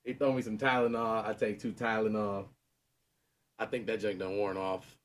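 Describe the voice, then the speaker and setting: A man's voice: lowish voice, flat delivery, moderate pace, slight background noise. Laughing man telling a story. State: sore knee. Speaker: podcast co-host. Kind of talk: casual storytelling chat.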